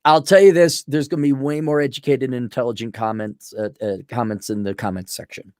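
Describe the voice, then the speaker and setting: A man's voice: mid-range voice, fairly even intonation, a little fast, darkish tone, dry recording, clean studio sound. A middle-aged man hosting a casual opinion podcast, talking in a sarcastic way and jumping into mocking voices. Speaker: podcast host.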